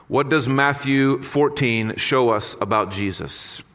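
A man's voice: mid-range voice, slow, few pauses, fairly bright tone, in a large hall. A man preaching a sermon in an earnest, conversational way with casual asides. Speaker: pastor.

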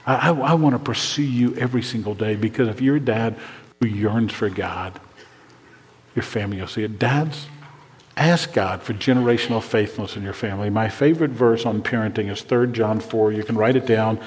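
An older man preaching a sermon to fathers, earnest and dropping to a hushed voice when praying. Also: on the low side, a little fast, in a large hall. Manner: earnest, drops to a hushed voice for prayers. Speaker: pastor.

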